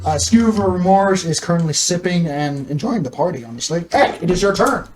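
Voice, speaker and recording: A man's voice: sits high, lively intonation, a little fast, background noise. A man narrating a tabletop game as game master, laid-back and laughing often, recorded in an echoey room from a distance. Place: room with other players.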